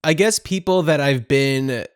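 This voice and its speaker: A man's voice: a little high, measured pace, smooth, dry recording. A man in his forties co-hosting a casual movie podcast. He drops dry quips and short, supportive replies. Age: 40s. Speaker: podcast co-host.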